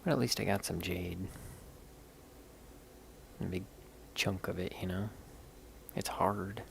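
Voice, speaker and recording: A man's voice: low-pitched, steady tone, slow, gravelly, slight background noise. A man rambling candidly in casual live-stream chat while showing stones, swearing now and then. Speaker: livestream host showing stones.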